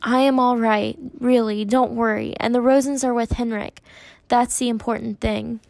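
A woman voicing a gentle mother who stays calm and reassuring, speaking softly and steadily in a storybook reading. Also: a little high, normal speed, vocal fry, no room sound. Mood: soothing. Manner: soft, steady, self-deprecating.

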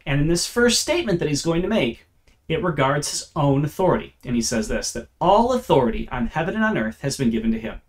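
A man's voice: a little high, very animated, fairly quick. A man giving a verse-by-verse Bible teaching, explaining the text and stressing key words.

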